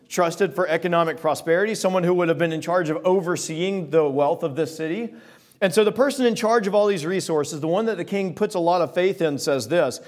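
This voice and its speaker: Man, pastor, sermon, higher-pitched voice, casual retelling of scripture. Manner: expository preaching, paraphrasing scripture in casual modern words; reads King James verses slowly and solemnly.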